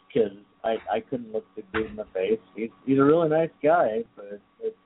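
Brief: gravelly, husky male co-host, lively pitch, phone-quality audio. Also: normal speed, slight background noise. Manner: laid-back, agreeing, profane. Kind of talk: casual crude chat on internet radio. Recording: tinny call-in audio.

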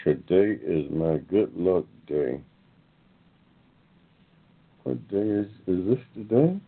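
A man's voice: deep voice, lively intonation, slow, creaky. An older man hosting an online talk show, rambling casually in a folksy way and calling his listeners y'all, with an African American English accent. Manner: folksy, addresses listeners as y'all, many fillers. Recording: tinny phone-line sound.

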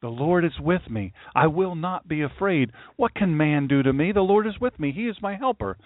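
A man's voice: on the high side, animated, moderate pace, dry recording. A man preaching a sermon as a pastor, stressing his warnings and reading scripture aloud. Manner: emphatic, repeats warnings and scripture. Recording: tinny phone-like dry sound.

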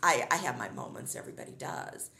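A woman's voice: a bass voice, sing-song, quick pace, creaky, bright, forceful tone, echoey room. A middle-aged woman talking casually as an interview guest, upbeat and chatty, often laughing as she tells stories.

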